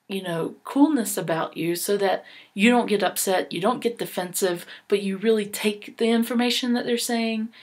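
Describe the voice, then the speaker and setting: Woman, training presenter, mid-pitched voice, earnest, instructive, casual fillers. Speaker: volunteer trainer.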